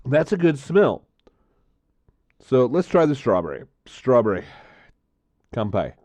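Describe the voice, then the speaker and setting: A man's voice: medium pitch, big pitch swings, a little slow, darkish tone, no echo. A man vlogging casually, tasting drinks and telling a story, rambling with lots of fillers.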